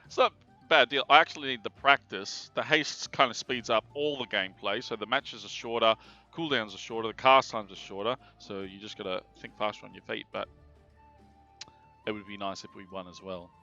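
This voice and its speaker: Gravelly Australian man streaming a game. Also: on the low side, steady tone, brisk, bright, forceful tone. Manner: chatty, swears freely, reacts aloud to the game. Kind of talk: casual live gameplay commentary. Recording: dull lo-fi stream audio with game music.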